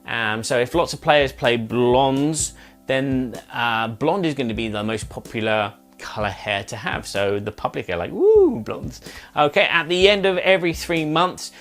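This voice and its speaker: In a casual monthly review chat, a man hosts a board game video and explains the rules chattily, wandering off with fillers and self-corrections. His voice is mid-range and fairly bright, his pace moderate, with soft music in the background.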